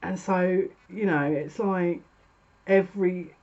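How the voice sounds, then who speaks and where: A woman's voice: on the low side, moderate pace, darkish tone, highs cut off. A woman giving a tarot card reading, chatty and exasperated, with laughing asides. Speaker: tarot reader.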